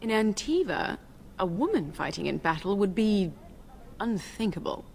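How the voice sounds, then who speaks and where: Poised noble wife, formal and wry. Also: female voice, medium pitch, very animated, normal speed, gravelly, a little mellow, a little hiss or hum. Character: poised noble wife from abroad, dryly witty.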